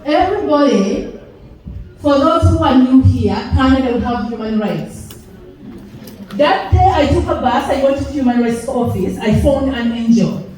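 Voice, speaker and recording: A woman with a Ugandan accent recounts her own story to a crowd, acting out each exchange with lively back-and-forth. Her voice sits a little high for a woman. It echoes heavily around a large hall, picked up from some distance away. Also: unhurried, slight background noise. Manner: animated, acts out dialogue, laughs through lines. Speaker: event speaker. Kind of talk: personal storytelling to a live audience. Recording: echoey hall, mic from far off.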